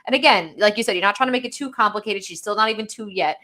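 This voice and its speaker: Chatty young mom telling a story. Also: female voice, mid-range voice, racing, sharp tone. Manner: storytelling, quoting her toddler with lots of "like". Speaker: podcast co-host. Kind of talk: casual chat.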